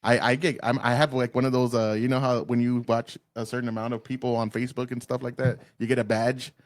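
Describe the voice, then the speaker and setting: A man's voice: medium pitch, level tone, fast, no echo. Profane laid-back man hosting a podcast. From Texas. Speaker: podcast host. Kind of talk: casual podcast chat. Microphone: video call.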